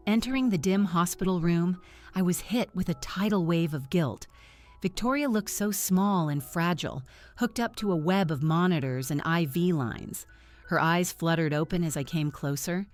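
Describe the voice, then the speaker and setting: A woman narrating a first-person drama in an even, measured storytelling voice. Her voice sits on the low side, and faint music plays underneath.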